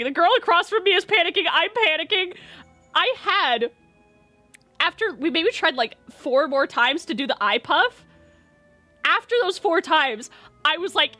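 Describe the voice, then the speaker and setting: A woman's voice: very high voice, bright, forceful tone, no room sound. A young woman streaming, telling a rambling story in a chatty, self-deprecating way and laughing often.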